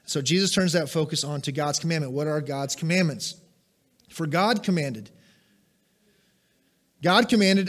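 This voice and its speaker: Middle-aged guy preaching, punchy, keeps quizzing the room, pitched up high. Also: measured pace, long pauses. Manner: emphatic, asks the congregation questions. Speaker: pastor. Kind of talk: sermon.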